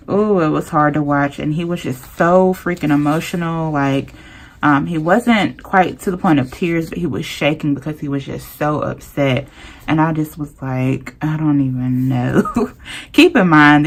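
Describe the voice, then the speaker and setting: A young woman rants casually to her viewers. Her voice sits low and has a gravelly edge. She talks to the audience like a close friend, with a lot of slang. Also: moderate pace. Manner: animated, talks straight to viewers with southern-style slang. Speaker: planner vlogger. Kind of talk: casual chatty rant while planning.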